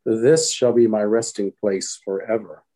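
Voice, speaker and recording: A man with a low, very dark and mellow voice recites psalm verses in turn with another reader. His delivery is steady and solemn, in the manner of a liturgical response. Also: unhurried.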